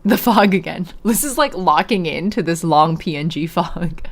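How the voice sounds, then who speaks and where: A woman's voice: fairly low pitch, lively intonation, normal speed, hardly any pauses. A woman streamer chatting with her viewers, giggling often and reading visual novel prose aloud with a dramatic lilt. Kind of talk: casual let's-play chat, reading a visual novel aloud.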